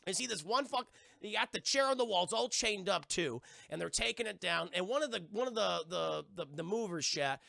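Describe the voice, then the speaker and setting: Profane, excitable man reviewing films. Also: sits high, fairly quick, creaky, no room sound. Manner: profane, excitable, talks to the chat. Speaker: streamer and film reviewer. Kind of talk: live-streamed casual film review.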